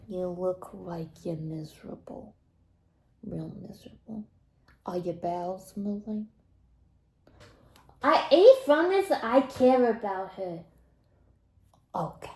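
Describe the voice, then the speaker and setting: A woman doing a slow, meddling old grandmother. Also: mid-range voice, vocal fry, warm tone, roomy sound. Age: older. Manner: gossipy, drops into whispered asides and sighs. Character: nosy elderly Jewish grandmother, meddling and blunt. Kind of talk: comic character monologue.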